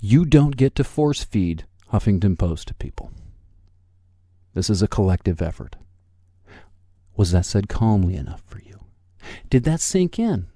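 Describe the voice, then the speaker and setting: A man's voice: fairly low pitch, very animated, a little slow, long pauses, warm tone, no echo, clean studio sound. A man in his forties hosting a solo podcast, ranting in a sarcastic, combative and profane way. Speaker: podcast host.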